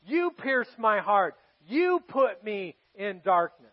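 A man voicing an anguished male prophet who accuses God in a pleading, raised, drawn-out lament. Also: high-pitched, sing-song, exaggerated voice. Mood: accusing. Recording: dull lo-fi sermon recording.

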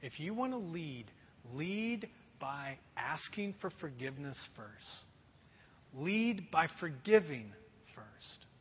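A middle-aged man preaching a sermon as a pastor, telling a self-deprecating story in an animated way. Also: fairly high pitch, slow pace, a little hiss or hum. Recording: dull sound with long hall reverb.

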